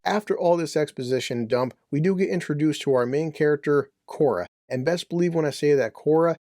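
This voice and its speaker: A man's voice: fairly high pitch, brisk, darkish tone, dry recording, clean studio sound. Brash joking man reviewing a movie. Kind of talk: casual comedic review.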